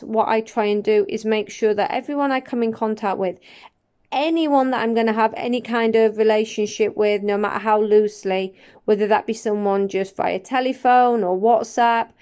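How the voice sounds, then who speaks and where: A woman in her forties talking casually and reflectively to camera, often pausing and restarting her sentences. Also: a little high, darkish tone, clean tone, lo-fi sound. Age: 40s. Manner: reflective, with frequent restarts and hesitations. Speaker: vlogger. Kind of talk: casual personal vlog.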